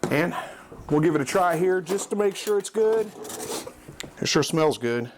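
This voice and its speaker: A man hosting his own cooking video, talking through a recipe in a relaxed, folksy, chatty way. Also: high voice, a little slow, background noise. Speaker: cooking channel host. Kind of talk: casual cooking demonstration.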